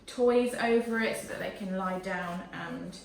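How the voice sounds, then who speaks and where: A pregnant young woman gushing excitedly through an unboxing vlog in her living room, a little out of breath. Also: mid-range voice, measured pace, gravelly, far from the mic, slight background noise. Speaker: parenting vlogger. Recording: echoey room, camera mic away from her.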